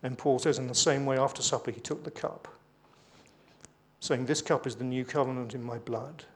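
A man's voice: medium pitch, steady tone, moderate pace. A man preaching a sermon, reading scripture aloud with emphasis between conversational asides with light humour.

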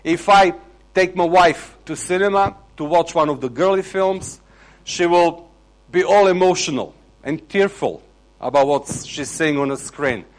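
A man with an Eastern European accent giving a sermon in plain, conversational English with halting, non-native phrasing. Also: a little high. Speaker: preacher.

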